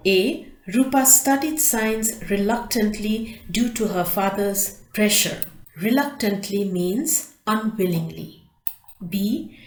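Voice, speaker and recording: Slow, careful woman teacher in echoey room. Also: mid-range voice. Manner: slow, careful dictation, drawing out words to pronounce them. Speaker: English teacher. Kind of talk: reading out textbook answers.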